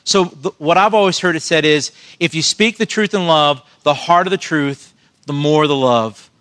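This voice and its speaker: A man's voice: on the high side, moderate pace, a bit bright. A male pastor preaching a sermon in an earnest way, asking the congregation rhetorical questions.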